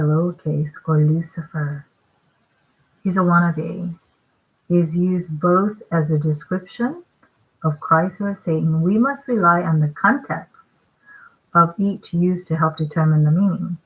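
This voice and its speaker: Slow, low-voiced woman preaching emphatically. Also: rough recording. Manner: emphatic, deliberate, with rhetorical check-ins. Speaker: online preacher. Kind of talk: sermon-style scripture commentary.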